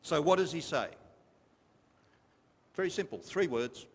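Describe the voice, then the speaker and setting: A man's voice: on the high side, animated, a little slow, pauses often, breathy edge. A man preaching a sermon to a congregation, emphatic and repetitive, stopping to ask them questions. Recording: long reverb of a large hall.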